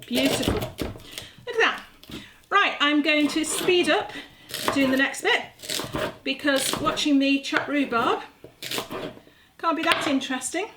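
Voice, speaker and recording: Here a middle-aged woman who vlogs about gardening demonstrates a recipe at home, talking casually and joking about herself as she goes. Her voice sits high, and she speaks a little slowly with frequent pauses. Background noise can be heard.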